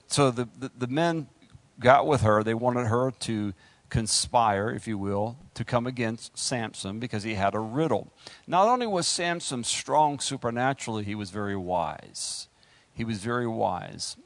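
A man preaching and reading scripture, breaking into lively, joking asides to the congregation. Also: mid-range voice, no echo. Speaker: preacher leading a Bible study.

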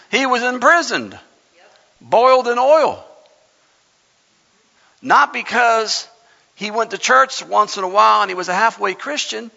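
Gravelly, bright-voiced male preacher. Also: very high voice, lively intonation, a little slow, pauses often. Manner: emphatic, conversational preaching with dramatic scripture reading. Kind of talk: sermon. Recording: lo-fi sound in a reverberant hall.

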